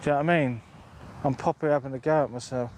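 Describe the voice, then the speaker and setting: A man's voice: medium pitch, steady tone, fast talker, darkish tone, a little hiss or hum. A middle-aged man chatting casually on a live stream outdoors on open moorland, rambling and swearing freely into a phone held at arm's length. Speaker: outdoor vlogger.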